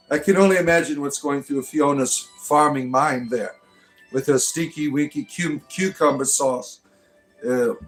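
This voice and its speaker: A man hosting a live stream, reading viewers' comments aloud in a casual, rambling and joking way, with many restarts, from the United States. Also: on the high side. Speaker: livestream host reading chat comments.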